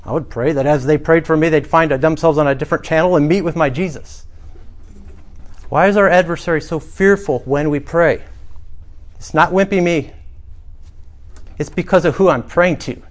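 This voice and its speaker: A man's voice: a little high, normal speed, pauses often. A middle-aged man preaching a sermon, telling a personal story earnestly and rising to emphatic swells. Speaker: pastor.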